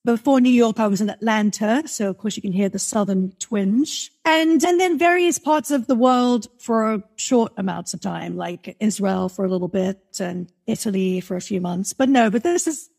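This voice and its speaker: A woman in her forties from London with a softened English accent, chatting animatedly as an interview guest and laughing often. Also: mid-range voice, lively intonation, normal speed, gravelly, hardly any pauses. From London, England. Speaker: guest, music marketer. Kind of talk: casual interview chat.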